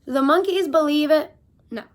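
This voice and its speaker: A woman reading a picture book aloud to children, animated, and stopping to talk to her young listeners. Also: sits high, moderate pace. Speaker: storyteller.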